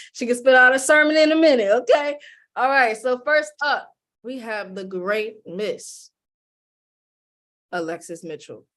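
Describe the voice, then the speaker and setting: A woman's voice: a little high, expressive, unhurried, long pauses, fairly bright tone. A woman hosting an online panel, hyping each guest with playful call-and-response introductions. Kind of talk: lively hype-up introductions.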